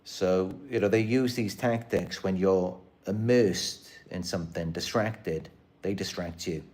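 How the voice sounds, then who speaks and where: A man with a lowish voice speaks straight to his viewers in a loose live-stream monologue. He sounds earnest and aggrieved and circles back over the same points. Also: unhurried, a little mellow. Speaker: channel host.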